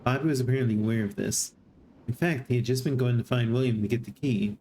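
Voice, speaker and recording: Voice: mid-range voice, fairly even intonation, quick pace, dark tone, a little hiss or hum. Streamer reading a game story aloud. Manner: reads narration evenly and breaks in with surprised laughing asides. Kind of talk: reading a text adventure aloud with live reactions.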